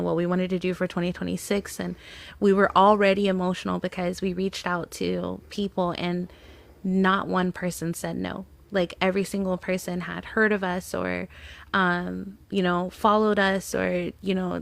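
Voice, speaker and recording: A woman's voice: mid-range voice, gravelly, fairly bright tone. A woman hosting a video-call interview, emotional and effusive, laughing often. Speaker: host. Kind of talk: casual video-call chat.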